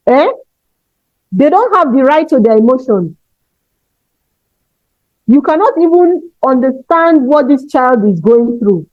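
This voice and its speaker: A woman with a high voice and wide pitch swings motivates a conference audience of teachers, speaking at a moderate pace with long pauses. She's emphatic and frequently checks in with listeners, and the sound is dull, dry, and lo-fi.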